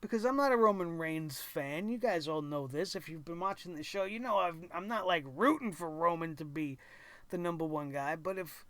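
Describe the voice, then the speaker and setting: High-voiced guy hosting a wrestling show, really into it, acts out the lines, dry close sound. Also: normal speed, fairly bright tone, dry recording. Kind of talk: excited wrestling commentary.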